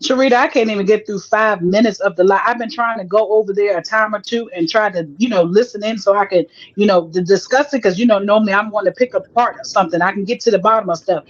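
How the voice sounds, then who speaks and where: Fast, chatty woman host of a live stream, muffled sound. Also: medium pitch. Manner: quick, agreeing, chatty. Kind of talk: casual live-stream chat.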